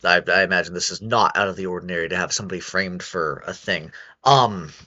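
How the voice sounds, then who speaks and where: A man playing in a tabletop game, chatting casually and hesitantly with many pauses and restarts. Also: deep voice, pushed and bright, lo-fi sound. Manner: hesitant, lots of ums and restarts. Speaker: player.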